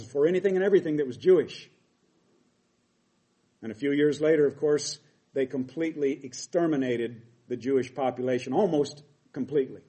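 A man's voice: medium pitch, dark tone. A middle-aged man preaching a sermon, reading scripture aloud and explaining it with emphatic quoted lines.

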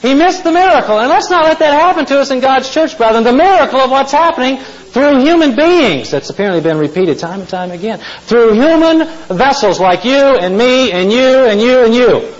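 Preacher, male, high voice, folksy storyteller, dull lo-fi tape. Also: lively intonation, normal speed. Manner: folksy storytelling, asks the congregation questions. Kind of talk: sermon.

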